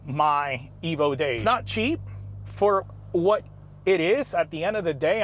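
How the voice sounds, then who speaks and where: Upbeat man chatting while driving. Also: fairly high pitch. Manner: relaxed, rambling, enthusiastic. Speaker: car vlogger. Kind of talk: casual driving vlog chat. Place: inside a car on the road. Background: car engine and road noise.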